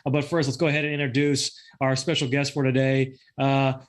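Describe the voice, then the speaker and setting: A man's voice: mid-range voice, level tone, a little fast. A man hosting a casual podcast, rambling and correcting himself, laughing often. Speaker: podcast host. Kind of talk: casual chat.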